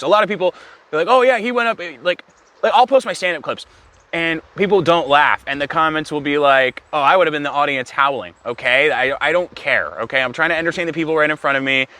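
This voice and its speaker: A young man telling a comedic story in a rambling, deadpan way, with self-aware asides. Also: on the high side.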